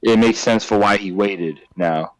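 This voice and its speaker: A man's voice: on the low side, no room sound, poor audio. Young guy cohost jumping in eager, trips over his words, dry close mic. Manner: quick, stumbling restarts when eager. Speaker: podcast co-host. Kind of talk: casual chat.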